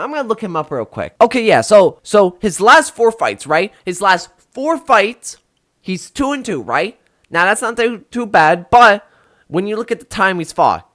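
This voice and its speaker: A man's voice: high-pitched, bright, forceful tone. A young man hosting a casual video of fight predictions, rambling with lots of fillers and self-corrections. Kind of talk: casual solo prediction talk.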